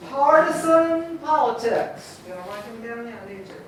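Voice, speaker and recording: A woman's voice: mid-range voice, steady tone, fast talker, a little hiss or hum. A woman teaching a poetry class, chatty and drawing out words to show the stress. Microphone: distant recorder. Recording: echoey room from far off.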